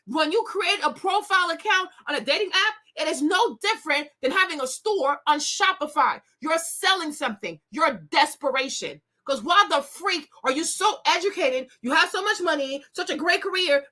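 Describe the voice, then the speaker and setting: A woman's voice: sits high, sharp tone. A woman hosting a commentary show, ranting bluntly and scathingly with bursts of laughter. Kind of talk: opinionated commentary rant.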